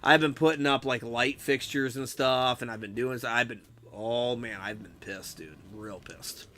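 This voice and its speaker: During a game stream, a laid-back young adult man chats with viewers, laughing often, swearing a lot, and saying "dude." He speaks unhurriedly in a mid-range voice that is bright and forceful, with a little hiss or hum in the recording.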